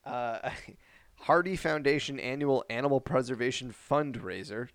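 Man, podcast co-host, casual chat, rambling and animated, mid-pitched, dry close sound. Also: moderate pace, dry recording. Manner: animated, laughs often, rambling asides.

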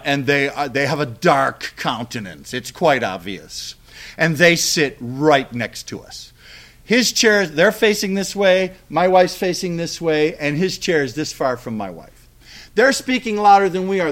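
Lively high-voiced male preacher. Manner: lively storytelling, acts out dialogue. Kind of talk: sermon.

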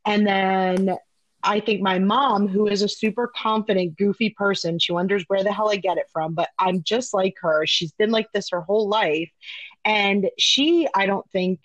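A woman's voice: medium pitch, normal speed, no room sound, lo-fi sound. A young woman chatting openly in a podcast-style conversation, her voice close and dry with little room sound. She talks candidly, drops casual swears and leans on fillers as she goes. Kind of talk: casual chat.

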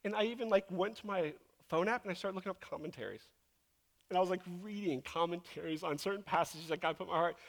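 High-voiced earnest pastor in a reverberant hall. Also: male voice, quick pace, vocal fry. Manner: earnest and emotional, casual filler-heavy delivery. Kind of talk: conversational sermon. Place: church sanctuary. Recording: long reverb of a large hall.

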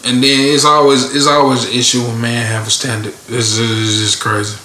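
Bright-voiced man in casual banter. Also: medium pitch, fairly quick, reverberant. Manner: loose, profane, animated, jokey voice swings.

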